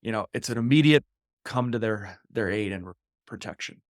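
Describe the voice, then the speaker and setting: A man's voice: fairly low pitch, brisk, dry recording, studio quality. A man co-hosting a podcast who talks through a Bible passage in an earnest, reflective way, sometimes acting out the voices he quotes. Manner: earnest and reflective, acts out voices when quoting. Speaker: podcast co-host. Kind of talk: conversational Bible discussion.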